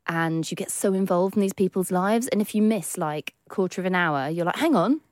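A young woman, a podcast co-host, telling gossip in an animated way and acting out quotes. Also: on the low side, fairly quick, no room sound, clean studio sound. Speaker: news director, podcast co-host. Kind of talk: casual chat.

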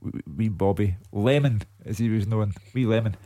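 Low-voiced Scottish football pundit. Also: male voice, normal speed, mellow, no room sound, studio quality. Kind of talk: casual radio sports chat.

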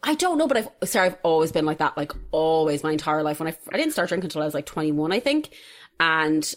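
A woman's voice: low voice, quick pace, poor audio. An Irish woman co-hosting a podcast, chatting casually with swearing and bursts of mimicry. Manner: animated, profane, mimics voices. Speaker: podcast co-host. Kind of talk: casual chat.

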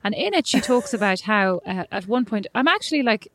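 A woman's voice: mid-range voice, lively intonation, brisk, no room sound. Woman, from Ireland, podcast co-host, casual chat, emphatic, wry, dry close recording. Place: home in the United States.

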